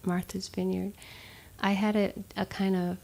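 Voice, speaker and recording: A woman giving a dharma talk as a meditation teacher, speaking conversationally with frequent fillers and soft laughs. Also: medium pitch, level tone, measured pace, gravelly.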